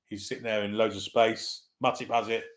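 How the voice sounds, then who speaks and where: A man's voice: fairly low pitch, little pitch movement, brisk. Man, football watchalong host, casual play-by-play, blunt, swears a lot. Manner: chatty and blunt, swears freely, reads out viewer comments. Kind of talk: casual live match commentary.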